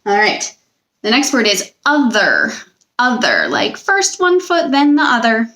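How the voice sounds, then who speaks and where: A woman's voice: on the high side, very animated, bright, forceful tone. A young woman teacher giving a recorded spelling lesson to children, patient and drawing out each word. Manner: patient, slow, stretches out words.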